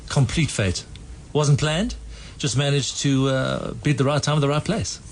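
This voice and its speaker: Gravelly-voiced auctioneer in his thirties. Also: mid-range voice, normal speed, a little hiss or hum. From South Africa. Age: 30s. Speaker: auctioneer guest. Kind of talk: radio interview answers.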